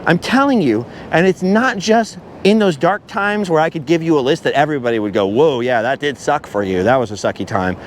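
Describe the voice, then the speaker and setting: A man on the high side in pitch talks animatedly and a little fast, with few pauses, as he walks along a beach outdoors and vlogs, slight background noise present. His monologue is long and rambling, drifting from one topic to another.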